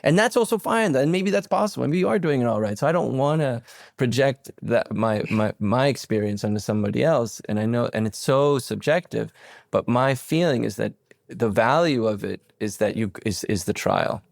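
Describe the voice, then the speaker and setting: A man in his forties from Venezuela talks as a podcast guest, his voice carrying a gravelly fry under a close, dry sound. He circles his point, restarting and repeating words, then leaps high in pitch when he acts out what people said. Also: moderate pace, dry recording. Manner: rambling, with many restarts and stammered repeats; slips into animated quoted voices and sudden high pitch leaps. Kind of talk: reflective conversational storytelling.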